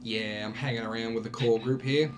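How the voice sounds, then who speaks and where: A man's voice: mid-range voice, fairly even intonation, fairly quick, soft background music. A man playing in a tabletop game, joking and chatting with the table. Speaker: player. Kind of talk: casual table chat.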